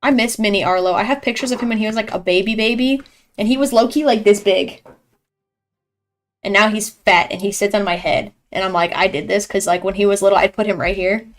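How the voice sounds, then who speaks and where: A young woman giving live esports commentary in a chatty, excitable way, reacting loudly to each play. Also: medium pitch, fairly quick, soft background music. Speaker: esports caster.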